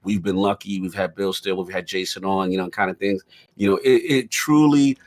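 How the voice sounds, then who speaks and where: A man on a gaming podcast talking in a casual, animated and emphatic way, often asking "you know what I'm saying?". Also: lowish voice. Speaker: podcast panelist. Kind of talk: casual chat.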